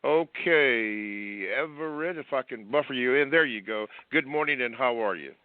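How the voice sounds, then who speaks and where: A man hosting a call-in radio show, moving things along with quick, short acknowledgments. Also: medium pitch, no room sound. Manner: brisk, short acknowledgments between callers. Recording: tinny phone-line audio.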